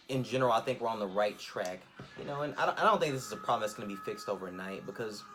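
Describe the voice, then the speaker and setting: A man speaks at an ordinary mid pitch on a casual podcast, his talk loose and conversational with plenty of "like" and "you know". He sounds thoughtful as he works through his points. A faint background noise sits under the recording. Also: fairly bright tone. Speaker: podcast co-host.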